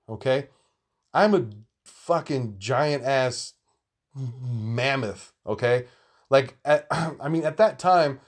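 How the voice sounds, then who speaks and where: A man's voice: medium pitch, darkish tone. A man, telling stories from his youth in a casual, profane, rambling way, often laughing mid-sentence. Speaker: storyteller. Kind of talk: casual storytelling monologue.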